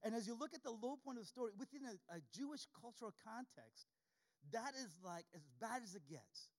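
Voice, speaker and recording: A man's voice: very high-pitched, lively intonation, a little fast. A man preaching a sermon, reading scripture aloud and repeating key lines for emphasis. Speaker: pastor.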